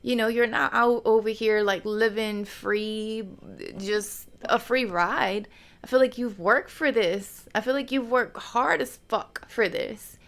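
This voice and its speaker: A woman's voice: fairly high pitch, takes it slowly, a bit bright. A woman giving a casual tarot reading to her viewers. She is chatty, laughs often, gets emotional and calls her viewers y'all. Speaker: tarot reader.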